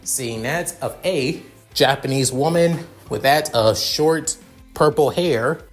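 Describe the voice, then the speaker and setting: A man's voice: mid-range voice, slow, faint music behind. A man improvising a fan fiction narration, rambling with many restarts.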